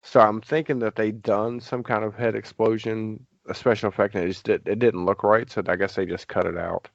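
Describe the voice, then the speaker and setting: Male podcast host, very low pitch, dry dull sound, rambling recap delivery. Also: fairly even intonation, a little fast, gravelly, dry recording. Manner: rambling recap with frequent fillers and hedges. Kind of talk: casual movie discussion.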